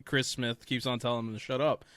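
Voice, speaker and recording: A man co-hosting a podcast in casual chat, talking in an animated way and acting out lines he quotes. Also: mid-range voice, brisk, clear, resonant tone, no room sound. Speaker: podcast co-host.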